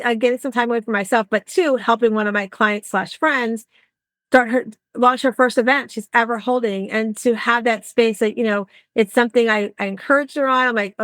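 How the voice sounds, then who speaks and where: A woman's voice: fairly high pitch, normal speed, fairly bright tone, dry recording. A woman hosting a podcast interview, chatting casually and acting out little exchanges with her clients. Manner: chatty, acts out bits of client talk. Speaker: podcast host and coach.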